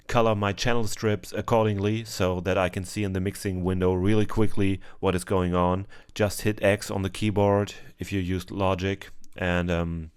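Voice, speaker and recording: A man giving a calm, step-by-step music mixing tutorial over his screen, pausing often with ums. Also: deep voice, clean tone. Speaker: music producer teaching mixing. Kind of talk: screen-recorded software tutorial.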